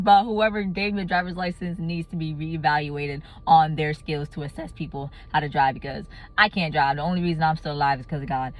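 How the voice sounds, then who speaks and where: A young adult woman telling a casual storytime vlog, animated and laughing often. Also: sits low, a little fast, hardly any pauses. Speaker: vlogger.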